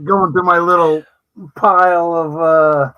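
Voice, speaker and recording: A man's voice: fairly high pitch, steady tone, slow, dull audio. A man guest on a podcast, casually going through his record picks in an upbeat way. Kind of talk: casual chat about records.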